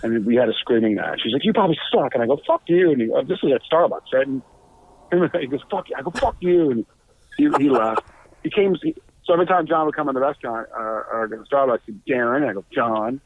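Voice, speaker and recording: A man who is a guest musician, telling stories casually, animated and halting, with restarts and swearing. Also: no room sound. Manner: animated, acts out quotes with raised pitch. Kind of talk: casual storytelling. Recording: tinny phone-like line.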